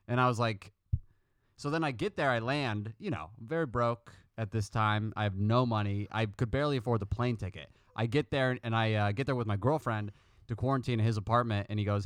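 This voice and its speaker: A man's voice: brisk, clear, resonant tone, dry recording, studio quality. A young adult man, a comedian guest in a casual podcast chat, telling stories and acting out the people in them with sudden jumps in voice. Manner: storytelling, acts out quoted people in loud jumps of pitch.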